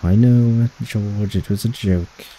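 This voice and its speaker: A man's voice: lowish voice, dark tone, slight background noise. Man putting on a cold scheming young heir. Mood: dry. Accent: attempted British accent. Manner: cold, measured villain narration. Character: scheming young male heir plotting murder.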